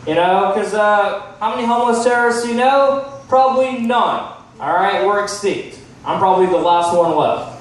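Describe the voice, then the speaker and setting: Stand-up comic, male, from Texas, high voice, echoey club heard from afar, keeps asking the crowd. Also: moderate pace, far from the mic, slight background noise. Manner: chatty, asks the crowd "right?" often, swears. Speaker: stand-up comedian. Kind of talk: stand-up set. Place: comedy club stage.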